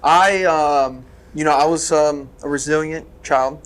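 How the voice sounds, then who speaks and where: A young man from Tennessee, a former wrestler, telling a story as a podcast guest in an animated, lively way with sound effects. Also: on the high side, measured pace, a loud crowd. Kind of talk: casual storytelling.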